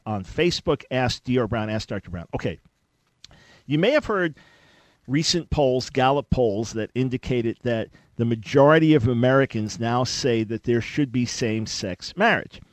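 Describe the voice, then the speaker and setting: A man's voice: medium pitch, a little mellow, dry recording. Emphatic male radio talk host. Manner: emphatic, conversational, with sudden bursts of emphasis. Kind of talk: radio talk show monologue.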